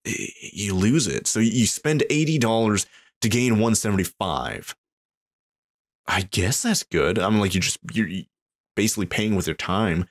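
A man giving casual let's play commentary, thinking aloud and getting excited at surprises. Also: on the low side. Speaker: gameplay commentator.

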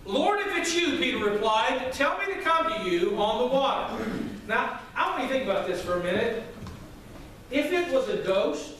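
A man preaches from the front of a church, his voice pitched unusually high for a man. It carries loud and emphatic, with quick asides to the congregation. The sound is heavily reverberant and picked up from some distance, with a faint hiss underneath. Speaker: pastor. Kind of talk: sermon. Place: church sanctuary. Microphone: microphone at a distance. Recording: very echoey hall, from far off, faint noise.

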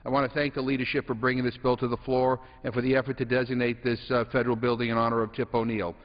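A man's voice: mid-range voice, little pitch movement, fast. A man serving as a congressman giving an earnest, heartfelt floor speech with small restarts. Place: legislative chamber. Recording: dull sound in a reverberant chamber.

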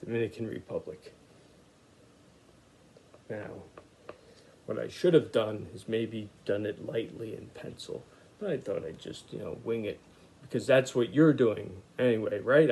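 Gravelly-voiced man teaching a kids' art class. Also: lowish voice, a little slow, slight background noise. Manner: talks through his drawing, sounding out letters; relaxed, thinks aloud with frequent "uh" and "okay".

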